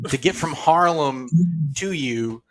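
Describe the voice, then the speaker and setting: A man co-hosting a comedy podcast, telling a story in a casual, animated way. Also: fairly high pitch, slow pace, crowd noise. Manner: animated, acts out quotes of others. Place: New York area.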